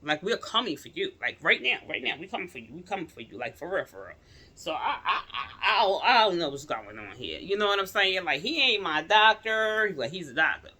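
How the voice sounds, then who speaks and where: A woman casually telling her viewers a personal story in slangy speech, swinging from loud outrage to quiet pleading. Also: fairly low pitch, big pitch swings, a little fast. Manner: slangy, addresses viewers as y'all.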